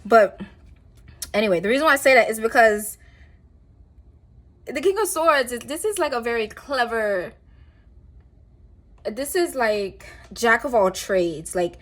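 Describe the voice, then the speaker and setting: A woman doing a casual tarot reading, talking in a chatty, rambling way with animated asides. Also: a little high, unhurried, long pauses. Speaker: tarot reader.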